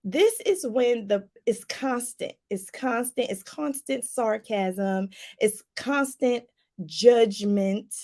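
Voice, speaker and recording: Animated woman life coach, gravelly voice. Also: on the high side, takes it slowly. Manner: animated, laughing, talks straight to the viewer with "y'all". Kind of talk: casual advice talk to viewers.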